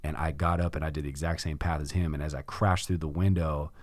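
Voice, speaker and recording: A man's voice: a bass voice, fairly even intonation, fast, dry recording. A middle-aged man hosting a podcast, telling a personal story in casual conversation and acting out his own past reactions. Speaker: podcast host.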